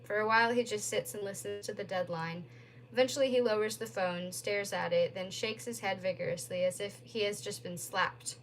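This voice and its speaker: A woman reading a novel aloud with steady, expressive narration. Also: medium pitch, a little fast, faint music behind, poor audio. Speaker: reader.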